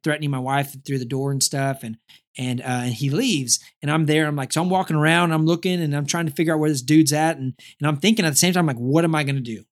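Young man in casual chat, slightly higher voice, tells stories with lots of restarts and bursts of animation. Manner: animated, many restarts and repeated words.

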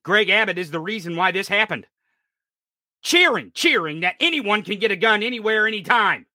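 An enraged man in his thirties from rural America tears into a profane political rant, shouting much of it. His voice sits high and sounds sharp and bright. The recording is dry and close, with no room sound. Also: animated, normal speed, dry recording. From rural United States.

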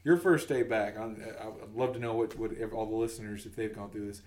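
A man's voice: on the low side, fairly quick, echoey room, far from the mic. A man in his thirties telling a funny story on a podcast, acting out the voices of the people in it. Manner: animated, acts out voices in his stories. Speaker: podcast co-host. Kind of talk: casual comedic storytelling.

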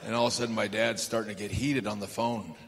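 A man's voice: lowish voice, steady tone, gravelly. Guy on stage rambling thru old stories, lots of ums, long echo from the big hall. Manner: rambling, halting with fillers, chuckling. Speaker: guest. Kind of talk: anecdotal storytelling on stage. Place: large event hall stage. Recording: reverberant hall, faint ambience.

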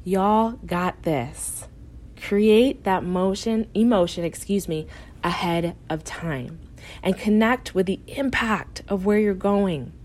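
A woman speaks as host of her own coaching podcast, addressing listeners directly. She is encouraging and blunt in a tough-love way, and she laughs easily. Her voice sits at a middling pitch. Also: slow pace, a little mellow. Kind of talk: motivational podcast talk.

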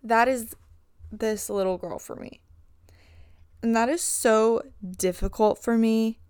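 Smooth-voiced young woman chatting casually. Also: fairly high pitch, steady tone, slow, a little mellow, no echo, studio quality. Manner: chatty, frequent "like" fillers. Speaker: podcast host and swim coach. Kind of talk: casual podcast monologue.

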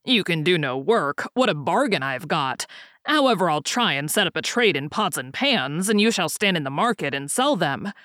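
A woman doing a gruff, scolding fiddler. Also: on the low side, big pitch swings, a bit bright, no room sound, studio quality. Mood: stern. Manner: scolding, slow and firm. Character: gruff stern male fiddler, a disguised king.

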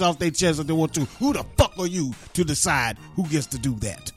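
A man's voice: on the high side, animated, brisk, few pauses, breathy edge, faint music behind. A man hosting a talk radio show, loose and casual, cursing freely as he talks. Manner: loose, laid-back, swearing freely. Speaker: radio host.

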